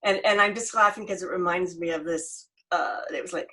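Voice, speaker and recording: An American woman co-hosting a podcast, chatty and animated as she tells a personal story. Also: on the low side, a little fast, hardly any pauses, breathy edge, low-quality recording. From United States. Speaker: podcast co-host. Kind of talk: casual storytelling chat.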